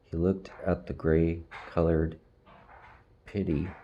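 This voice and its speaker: A man reading a storybook aloud in slow, measured audiobook narration. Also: low-pitched, level tone, mellow, dull audio, a little hiss or hum.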